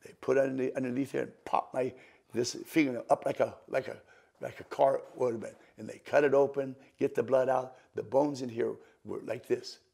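An older man, a guest magician, telling animated stories in an interview. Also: medium pitch, a little fast, vocal fry. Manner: animated anecdotes, acting out other people's voices. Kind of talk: storytelling interview.

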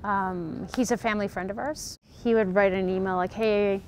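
A woman who leads a paramedic peer support program, speaking earnestly and in a measured way in a documentary interview. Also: medium pitch, fairly even intonation, slight background noise.

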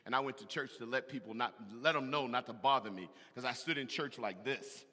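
A man preaching a sermon, animated and emphatic, with loud bursts and call-and-response to the congregation. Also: medium pitch, fairly quick, background noise. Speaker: pastor. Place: large church hall. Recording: echoey hall from a distance.

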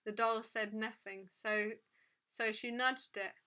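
Bright-voiced woman reading a storybook. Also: on the high side, fairly even intonation, clean tone. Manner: gentle, unhurried, with small self-corrections. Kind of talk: reading a children's book aloud.

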